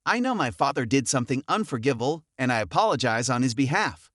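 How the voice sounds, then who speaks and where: A man voicing a calm, morally rigid young man who speaks firmly. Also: mid-range voice, quick pace, dry recording, clean studio sound, voice pushed down.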